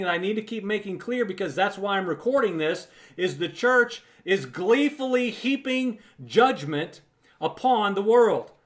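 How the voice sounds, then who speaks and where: A man's voice: high-pitched, a bit bright. A man giving a recorded Bible teaching, emphatic and conversational, repeating words for emphasis and calling the listener friend.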